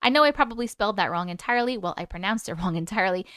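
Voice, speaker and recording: A woman's voice: medium pitch, lively intonation, racing, a bit bright, clear, resonant tone, no echo, studio quality. A woman hosting a live stream, reading viewer stories aloud and reacting with open emotion to the chat.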